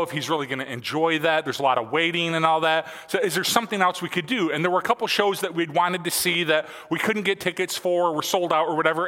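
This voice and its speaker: A man's voice: a little high, sharp tone, big-room sound. A man in his forties preaching a sermon in a church, telling stories casually with lots of fillers. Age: 40s. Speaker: pastor. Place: church sanctuary.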